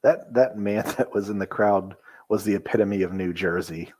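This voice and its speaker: A man's voice: on the low side, moderate pace, darkish tone, no room sound. A man from the Midwest co-hosting a wrestling podcast, easygoing and full of questions. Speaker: podcast co-host. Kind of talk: casual wrestling chat.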